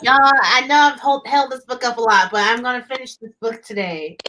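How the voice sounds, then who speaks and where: A woman in a casual chat over a video call, expressive and giggly. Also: on the high side, brisk, a little hiss or hum, low-quality recording.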